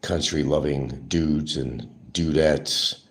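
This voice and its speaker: Older guy super deep voice, just rambling on and on to his chat, drifting topic to topic. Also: steady tone, takes it slowly. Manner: opinionated, drifting, talks to viewers. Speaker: livestream host. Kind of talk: rambling casual monologue.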